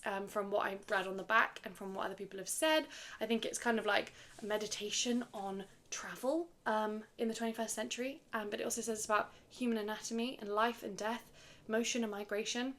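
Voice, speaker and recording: A woman's voice: medium pitch, a bit bright. Casting: woman, book vlogger, casual rambling chat to camera, easy laughs. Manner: chatty, rambling, with fillers and little laughs. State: slightly out of breath.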